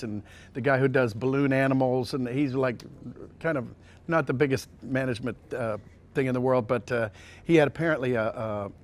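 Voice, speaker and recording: A male voice actor telling casual anecdotes in an interview, rambling with many restarts and sliding into quick impressions. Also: mid-range voice. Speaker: voice actor guest.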